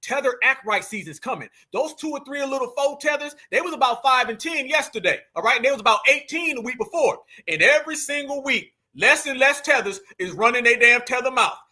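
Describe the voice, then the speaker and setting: A man reacting to a clip as a livestream commentator, animated and preachy, laughing often and speaking in slang. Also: very high voice, fairly quick, hardly any pauses.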